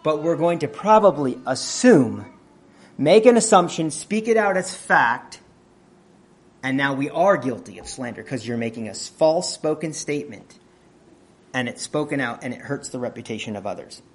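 A man preaching a conversational sermon in a slightly raised, husky voice. He teaches plainly, puts questions to his listeners and clears his throat now and then. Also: fairly high pitch, animated, moderate pace.

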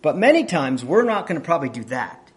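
A man preaching a conversational sermon in a slightly raised, husky voice. He teaches plainly, puts questions to his listeners and clears his throat now and then. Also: on the high side, big pitch swings, a little fast.

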